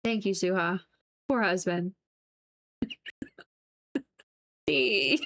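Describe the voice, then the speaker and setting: A woman streamer talks loosely to her chat from a home setup. She rambles, fills her sentences with "like", and keeps dissolving into giggles. Her voice sits at an ordinary middle pitch and is picked up by a desk mic. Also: measured pace, pauses often, a bit bright. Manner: rambling and giggly, with many "like" fillers. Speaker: livestreamer painting on stream. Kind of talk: casual chat with viewers.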